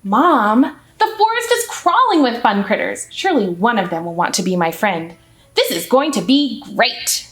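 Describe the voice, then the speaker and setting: A bubbly, wide-eyed little girl bursts with excitement in a storybook voice, as a woman puts her on, high and swooping up and down. Her lines bounce along, eager and cheerful. The recording rings in an echoey room with faint music underneath. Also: moderate pace. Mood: excited. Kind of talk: storybook character voice.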